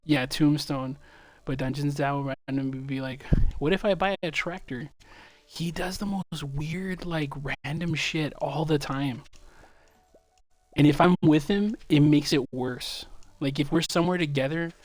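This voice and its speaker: A man's voice: a little high, steady tone, a little slow, darkish tone, dry recording. A young man streaming a game, telling loose, profane stories in casual chat.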